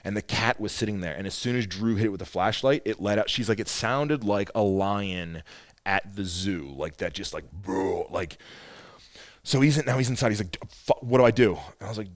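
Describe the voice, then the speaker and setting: Podcast host, male, slightly deep, animated storyteller who swears, dry studio mic. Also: moderate pace, no room sound. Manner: animated storyteller, gets loud acting out quotes; swears freely. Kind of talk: casual conversational storytelling.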